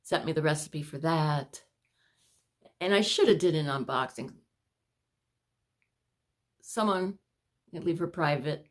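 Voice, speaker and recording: A vlogger showing her paintings speaks to viewers in a low-pitched voice, pausing when she runs short of breath. Her casual chat to camera rambles, with frequent apologies, in an easygoing home-video style.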